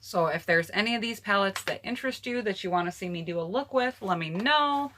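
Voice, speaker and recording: Woman doing a casual makeup vlog, bright forceful voice, talks right to the viewers. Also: mid-range voice, animated, a little fast, a little hiss or hum. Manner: chatty, personal opinions, addresses viewers directly. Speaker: beauty vlogger. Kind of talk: casual makeup palette review.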